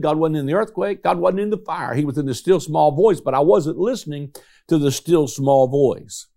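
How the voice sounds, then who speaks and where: A middle-aged man preaching with a gravelly, creaky edge to a voice that sits a bit high for a man. He talks earnestly, reading scripture passages aloud and often restarting his phrases. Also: a little mellow. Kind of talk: sermon.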